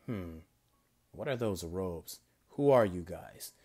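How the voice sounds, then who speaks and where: A man voicing a confident young male ninja hero in a fan-made story, speaking low, slow and cocky. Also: lively intonation, warm tone, husky, exaggerated voice.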